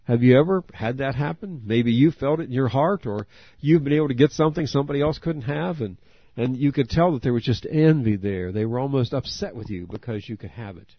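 A man's voice: medium pitch, brisk, husky, dry recording. A man preaching a sermon, earnest, asking his listeners direct questions. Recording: dry, dull lo-fi audio.

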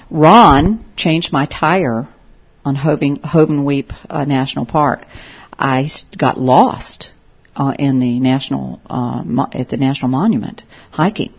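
A woman's voice: a bass voice, measured pace, vocal fry, breathy edge, lo-fi sound. A woman evangelist telling stories of her encounters, acting out the dialogue as she goes. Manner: lively storyteller, acts out quoted dialogue. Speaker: Christian evangelist speaking to a group. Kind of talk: storytelling testimony.

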